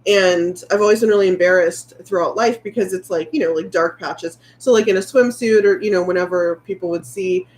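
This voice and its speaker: A woman's voice: on the low side, a little fast, hardly any pauses, a little mellow, slight background noise. A woman, chatting candidly with viewers and reading their comments, rambling and heartfelt. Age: late 30s. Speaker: vlogger. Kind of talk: casual livestream chat reading viewer comments.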